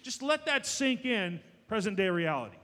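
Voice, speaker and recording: A man's voice: high voice, big pitch swings, moderate pace, bright, forceful tone, long reverb tail. A man preaching a sermon as pastor, emphatic and building to raised, passionate delivery.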